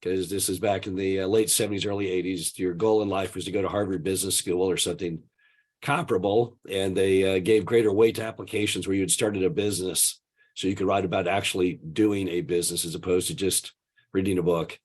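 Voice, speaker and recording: A man in his sixties, hoarse and gravelly from the flu, giving a relaxed talk full of "uh" fillers over a video call. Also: sits low, a little fast. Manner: relaxed storytelling with many "uh" fillers. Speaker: guest speaker. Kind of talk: conversational webinar presentation.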